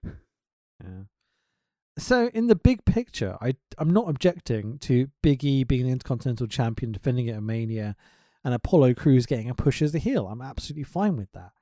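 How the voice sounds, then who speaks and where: Animated, profane man ranting. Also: mid-range voice, a little fast, dry recording, clean studio sound. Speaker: wrestling podcast co-host. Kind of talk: casual podcast chat.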